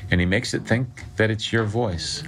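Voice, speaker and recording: A man with a deep, low voice preaches in a relaxed, chatty way to a small group, often pausing to ask "okay?" and restarting his sentences. A faint hiss sits under the recording. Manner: conversational preaching with restarts and frequent "okay?" checks. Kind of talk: sermon.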